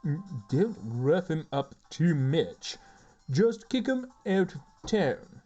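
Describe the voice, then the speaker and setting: A man doing a slow, stern giant gatekeeper. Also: on the high side, sing-song, warm tone, dull audio, faint music behind, exaggerated voice.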